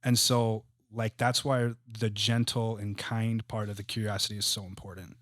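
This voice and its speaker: A man's voice: fairly low pitch, flat delivery, moderate pace, fairly bright tone, no room sound, clean studio sound. Earnest man giving advice on a podcast. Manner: earnest, reflective, says "man" and "like" often. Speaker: guest, real estate entrepreneur. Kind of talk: casual podcast conversation.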